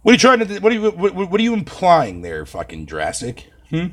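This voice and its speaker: A man's voice: high voice, huge pitch swings, fast talker, a bit bright. A young man from Canada chatting on a live stream, reading his chat aloud with profane, mocking banter.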